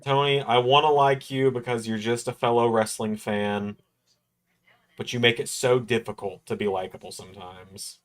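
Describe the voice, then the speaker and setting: A man's voice: medium pitch, steady tone, normal speed. Guy co-hosting a wrestling watch-along, everyday mid voice, dry little jokes. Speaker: co-host. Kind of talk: casual chat.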